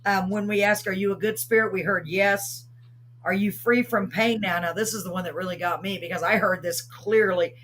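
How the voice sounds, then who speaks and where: A woman's voice: medium pitch, fairly even intonation, normal speed, fairly bright tone, slight background noise. A middle-aged woman hosting a casual chat show, talking loosely with many fillers. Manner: chatty, many "you know" fillers. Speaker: host.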